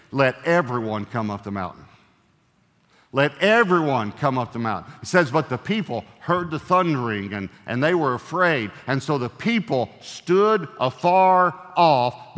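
A man's voice: mid-range voice, fairly bright tone, big-room sound. An older man, a pastor, preaching a sermon in a conversational, storytelling way with playful humor.

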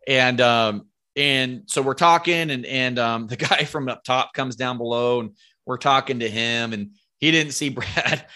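A man telling hunting stories as a guest in a casual podcast interview, animated and rambling, with free swearing. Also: medium pitch, a little slow. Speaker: podcast guest, bow hunter.

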